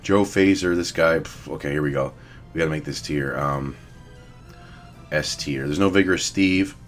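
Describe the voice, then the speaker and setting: A man's voice: rumbling low, normal speed, soft background music. A young man giving blunt, profane, rambling casual commentary as he ranks fitness figures. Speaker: fitness vlogger. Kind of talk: casual commentary ranking influencers.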